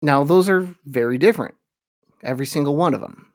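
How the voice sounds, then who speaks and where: A man hosting a podcast, giving an informal lecture on religious history and slowing down to read quotations with weight. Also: a little high, darkish tone, dry recording, studio quality.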